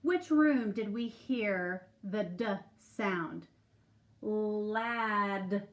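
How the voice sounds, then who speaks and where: A woman's voice: mid-range voice, lively intonation, very slow, lo-fi sound. A woman teacher leading a remote phonics lesson for young children, patiently prompting and stretching out sounds.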